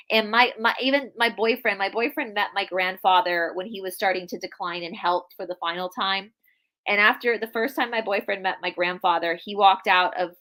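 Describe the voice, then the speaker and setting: A woman's voice: medium pitch, a bit bright. A young woman co-hosting a live video call, telling a personal family story in an earnest, chatty way, with frequent restarts. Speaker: podcast co-host. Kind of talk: casual live-stream chat.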